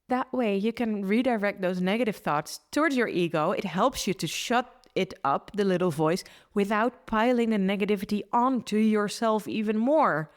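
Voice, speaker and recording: A woman's voice: mid-range voice, normal speed, few pauses. A woman hosting a solo podcast, giving earnest, upbeat mindset advice to listeners with frequent restarts. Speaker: podcast host and mindset coach.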